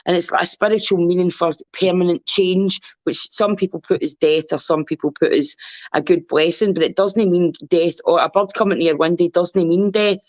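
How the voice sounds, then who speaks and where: A woman's voice: fairly low pitch, steady tone, normal speed, a little mellow, dry recording. A Scottish woman speaking as a podcast guest in casual chat, rambling and candid and swearing freely. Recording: dull lo-fi recording.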